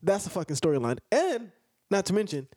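A man's voice: sits high, very animated, a little fast, mellow, dry recording, studio quality. A young man co-hosting a podcast, talking sports in a laid-back, casual way with frequent swearing. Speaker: podcast co-host.

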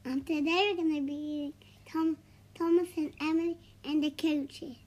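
A woman opening a children's audiobook in a high, excited, put-on voice. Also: moderate pace, lightly acted. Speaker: audiobook host. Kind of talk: cheerful show intro.

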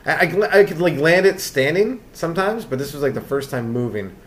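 A man's voice: on the high side, expressive, fairly quick, a little hiss or hum. A man from Canada hosting a solo comedy podcast, rambling loosely from one aside to the next with lots of fillers.

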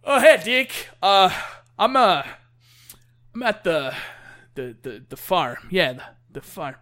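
A man voicing a drunk, rambling male biker buddy who slurs and stammers loudly. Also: high voice, sing-song, slow pace, exaggerated voice.

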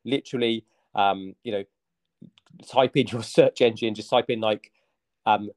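A man's voice: fairly low pitch, steady tone, unhurried, a little mellow. A man talking as a fitness coach guest on a podcast, upbeat and motivational, with many fillers. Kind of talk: casual podcast chat.

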